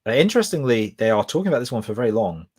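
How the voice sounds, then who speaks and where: A man's voice: medium pitch, big pitch swings, rapid-fire, darkish tone, slightly rough. A man with a Southeast English accent, chatting casually and rambling as he streams his reaction to a debate video. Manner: chatty, rambling, laughs often. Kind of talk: casual live-stream commentary.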